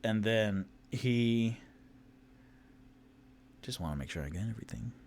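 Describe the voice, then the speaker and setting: A man running a tabletop game on his own, narrating slowly in an easygoing way. He often pauses to hunt for words and corrects himself as he goes. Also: lowish voice, expressive, creaky, a little mellow, slight background noise. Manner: rambling, with fillers and self-corrections. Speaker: game master.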